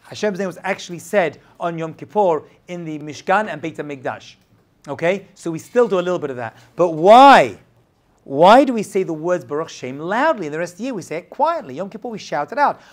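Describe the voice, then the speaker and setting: A man with a fairly high voice leads a Torah lesson as a rabbi. His delivery swings up and down and keeps turning into rhetorical questions and quick checks that the class is with him. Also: expressive.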